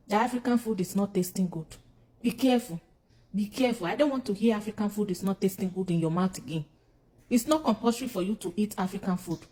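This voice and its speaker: Mellow-voiced woman scolding. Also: medium pitch. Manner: scolding, repeats warnings. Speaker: reaction video maker. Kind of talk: scolding talk to camera.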